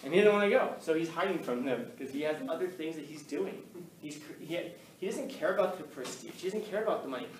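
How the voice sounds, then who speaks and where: A male teacher telling a story to his class in an animated way, acting out the voices of the people in it. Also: fairly high pitch, quick pace, a little hiss or hum. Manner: animated, acts out quoted voices. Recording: echoey classroom, mic from far off.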